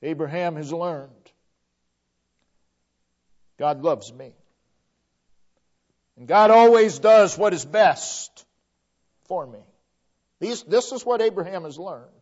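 A man with a high voice delivers a sermon at an unhurried pace, leaning hard on key words and then letting each phrase fall away almost to a whisper. The recording is dull and lo-fi. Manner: slow, deliberate emphasis, voice sinking to a hush at phrase ends. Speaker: preacher.

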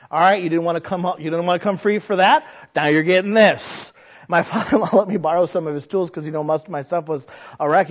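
High-voiced folksy male preacher. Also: lo-fi sound. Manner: folksy, conversational preaching with rhetorical questions. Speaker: pastor. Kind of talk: sermon.

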